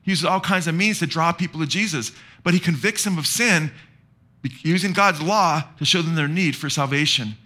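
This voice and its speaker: A man preaching a sermon with a bright, forceful voice that sits a little high. He keeps throwing questions out to the congregation and waiting for them to finish his lines. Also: moderate pace. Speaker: pastor.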